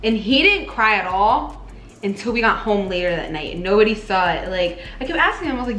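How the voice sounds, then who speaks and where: Young woman vlogger, high lively voice, echoey room with faint hiss. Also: brisk. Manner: bubbly and chatty, laughs often. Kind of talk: casual couple Q&A chat.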